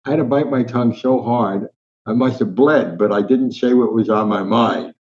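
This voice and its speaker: The speaker is an older Newark-born sports columnist, interviewed as a guest, who tells animated stories and voices the people he quotes. He talks at a normal speed with a medium-pitched voice, captured in slightly dull lo-fi audio.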